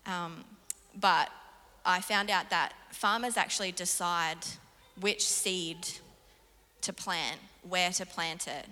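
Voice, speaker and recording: A young woman preaching a sermon in an earnest, animated way. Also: lowish voice, slow. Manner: earnest, animated storytelling with laughs. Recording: reverberant hall.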